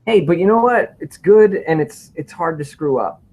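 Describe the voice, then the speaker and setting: A man's voice: on the high side, animated, normal speed, darkish tone. A man co-hosting a casual livestream, rambling and joking as he reads viewer questions. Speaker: livestream co-host.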